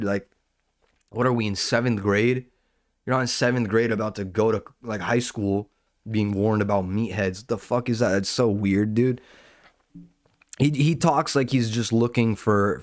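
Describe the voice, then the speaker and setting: A man's voice: fairly low pitch, no room sound, clean studio sound. A man, a stand-up comedian, ranting casually on his podcast in a profane, rambling way with lots of restarts.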